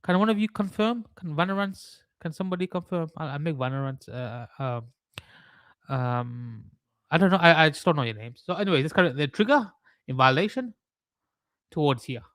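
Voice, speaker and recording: A man's voice: on the high side, lively intonation, a little fast, fairly bright tone, no room sound. A young man hosting a live trading stream, mixing chart analysis with rambling, mock-serious joking rants.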